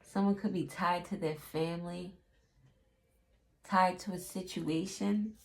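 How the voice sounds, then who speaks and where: Woman doing a chill tarot reading, slow and chatty, does little playful voices. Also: fairly low pitch, fairly even intonation, creaky. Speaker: tarot reader.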